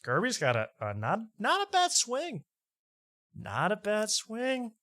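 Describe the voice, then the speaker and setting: A man's voice: sits high, huge pitch swings, takes it slowly, pushed and bright, no echo, studio quality. A man hosting a podcast, chatting casually and joking while reacting to old clips. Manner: loose, joking commentary. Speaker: podcast host.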